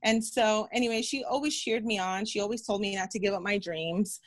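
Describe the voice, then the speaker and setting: A woman's voice: medium pitch, fairly quick. A woman in her thirties, a physician guest in an interview, talking earnestly and encouragingly, repeating phrases and acting out quotes. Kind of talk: interview storytelling.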